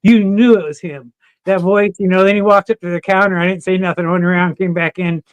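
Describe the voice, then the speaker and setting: Man, high voice, casual storytelling, swears a lot, dry close sound. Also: brisk, clear, resonant tone, no room sound. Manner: swears freely, animated anecdotes with laughter. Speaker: guest.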